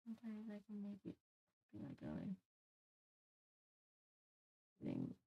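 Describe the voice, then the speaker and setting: A woman's voice: medium pitch, huge pitch swings, slow pace, vocal fry, slightly rough, highs cut off. A young woman reading a kids' mystery book aloud, breaking off for chatty, jokey asides. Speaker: channel host. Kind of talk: casual reading aloud with commentary.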